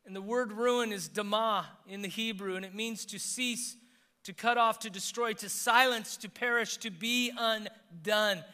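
A man preaching a sermon as pastor, swinging between hushed asides and emphatic, animated lines, in a church sanctuary. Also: sits high, unhurried, smooth, in a large hall.

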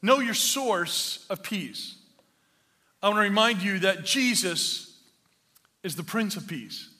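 A man's voice: sits high, expressive, slow pace, sharp tone. A man preaching a sermon in a church hall, telling a funny story about himself and then building to emphatic preaching. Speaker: pastor.

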